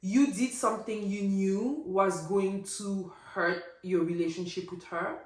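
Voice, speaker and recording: A woman's voice: medium pitch, measured pace. Opinionated woman vlogger in an echoey room. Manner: opinionated, animated, rhetorical. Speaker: recap vlogger. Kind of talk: casual reality TV recap.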